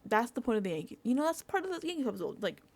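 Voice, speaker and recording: A young woman chatting casually about a reality show, animated, swearing freely and mimicking people in whiny pleading voices. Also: on the high side, very fast, gravelly. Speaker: reality TV recap vlogger. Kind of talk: casual reaction chat.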